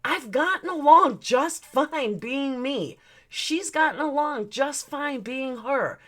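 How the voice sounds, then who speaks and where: A woman's voice: sits high, animated, slow, a bit bright. A woman venting on her livestream, her voice swinging widely up and down as she gets heated. She swears freely and stops mid-rant to welcome people by name. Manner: heated, profane, greets chatters mid-rant. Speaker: livestream host.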